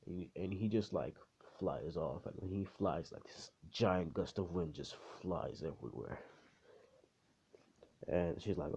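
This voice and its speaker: A man's voice: low voice, unhurried, warm tone, breathy edge, highs cut off. A man telling a fan story in a rambling, profane, casual way, full of fillers.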